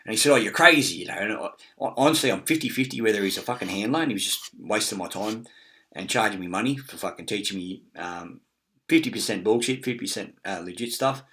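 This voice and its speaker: Man, middle-aged, low-ish voice, rambling casual monologue, swears a lot. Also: fast, fairly bright tone. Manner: rambling, swears often, many fillers and restarts. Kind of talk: casual screen-share monologue.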